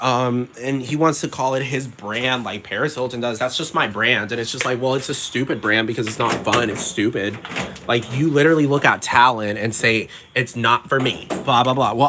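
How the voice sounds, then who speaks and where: A man's voice: medium pitch, background noise. A young man ranting in a vlog, swearing a lot and sounding exasperated, sometimes mimicking people mockingly.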